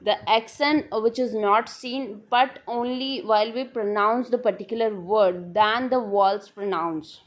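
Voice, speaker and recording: A woman's voice: on the high side, unhurried, few pauses. A woman teaches a literature lesson. She circles back over each definition, restating it and filling gaps with "all right then" and "uh". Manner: repetitive, restating definitions with frequent fillers. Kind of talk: explanatory lecture.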